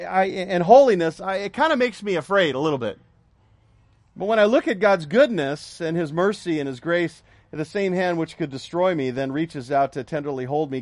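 High-voiced preacher man, dry close sound. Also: dry recording. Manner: call-and-response, joking asides, emphatic repetition. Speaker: pastor. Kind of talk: sermon.

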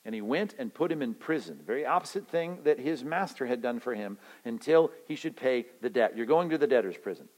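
A man's voice: mid-range voice, lively intonation, a little fast, few pauses, a little mellow, low-quality recording. Joking man preaching a sermon. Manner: conversational and joking, acting out everyday scenes. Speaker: pastor. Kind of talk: sermon at a retreat.

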